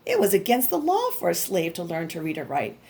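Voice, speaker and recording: A woman voicing a kind, steady old woman who guides children as a train conductor, speaking calmly and instructively. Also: on the low side, brisk, voice pushed down.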